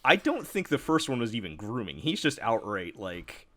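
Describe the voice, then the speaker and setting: A man's voice: mid-range voice, huge pitch swings, normal speed, fairly bright tone, dry recording. A man from New York chatting casually on a podcast, rambling with lots of fillers and restarts. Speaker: podcast host. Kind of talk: casual chat.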